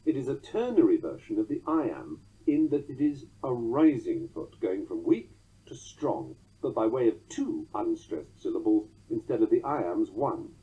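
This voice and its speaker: A man's voice: medium pitch, sing-song, a little slow, hardly any pauses, warm tone, slightly rough. A man narrating a lesson on poetic meter, reading in a rhythmic way and tapping out the beats aloud. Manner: rhythmic, sounds out metrical beats. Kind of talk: audiobook-style lesson reading. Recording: dull lo-fi recording.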